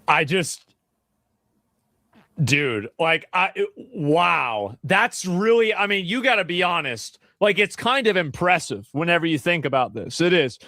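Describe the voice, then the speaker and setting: A man's voice: high voice, lively intonation, a little slow, pushed and bright, no room sound. A man hosting a casual commentary stream, mocking and exasperated, swearing and restarting his sentences. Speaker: streamer host.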